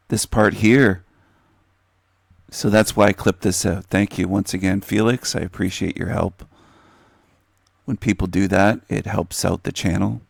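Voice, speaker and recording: Man, host, gravelly, voice a bit worn, rambling, thankful. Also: sits low, no room sound, studio quality. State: losing his voice a little. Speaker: host of a livestream channel. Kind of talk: casual commentary to viewers. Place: indoor room.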